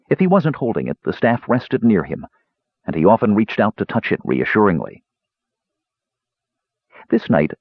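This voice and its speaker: Male audiobook narrator, low husky voice, expressive and lively, dry muffled sound. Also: no room sound. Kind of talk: scripted narration.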